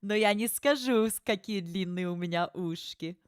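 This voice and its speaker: A woman's voice: medium pitch, moderate pace, clear, resonant tone, no echo, clean studio sound. A woman streamer chatting casually and gushing playfully as she reacts on a watchalong. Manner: gushing, playful, laughs often.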